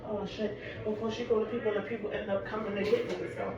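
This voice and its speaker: A woman's voice: mid-range voice, quick pace, muffled recording, crowd noise. Chatty New woman telling a story. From Harlem, New York. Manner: animated, chatty, peppered with "like". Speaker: storyteller vlogger. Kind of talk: casual storytime chat. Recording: echoey room with background noise.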